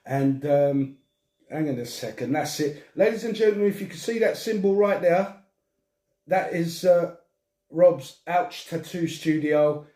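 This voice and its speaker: A man's voice: fairly high pitch, measured pace, dark tone. An older man hosting his podcast in a loose, chatty way, swearing freely and laughing often. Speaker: podcast host. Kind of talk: casual chat. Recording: echoey room.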